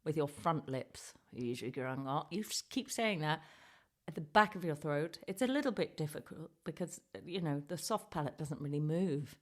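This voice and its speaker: A woman's voice: low-pitched, animated, normal speed. A woman in her fifties hosting a podcast as a ventriloquist, chatty and self-deprecating in casual comedic talk. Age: 50s.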